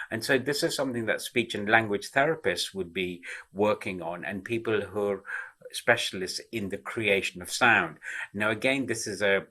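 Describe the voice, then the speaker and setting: A man's voice: on the low side, bright, forceful tone. A man giving an explanatory lecture, working through ideas step by step with frequent fillers and restarts. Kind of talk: explanatory talk.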